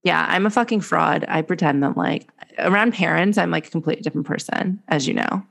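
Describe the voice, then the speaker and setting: A woman with a New York accent, co-hosting a podcast in casual chat, sassy and blunt, cursing freely, her voice deepened by covid. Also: fast talker, vocal fry. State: sick with covid, voice deeper than usual. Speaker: podcast co-host.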